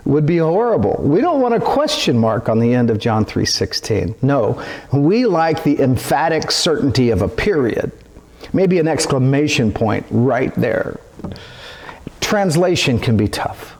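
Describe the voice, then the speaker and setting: A male pastor giving a sermon, speaking deliberately with an animated, teaching inflection. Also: medium pitch.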